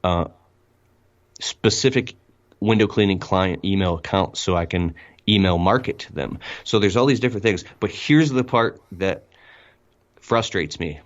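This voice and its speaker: A man telling stories as a podcast guest, excitable and rambling with emphatic asides. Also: sits low, measured pace, lo-fi sound. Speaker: guest, window cleaning business owner. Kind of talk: casual podcast conversation.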